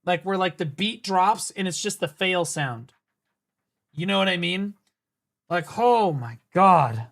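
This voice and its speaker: A man's voice: high voice, animated, slow, fairly bright tone. Profane, mocking male streamer. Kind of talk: casual livestream commentary.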